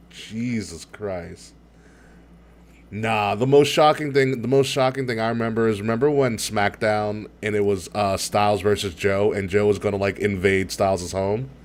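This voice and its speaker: A man co-hosting a podcast in casual chat, telling stories with excitement, swearing and laughing often. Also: on the low side, normal speed. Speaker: podcast co-host.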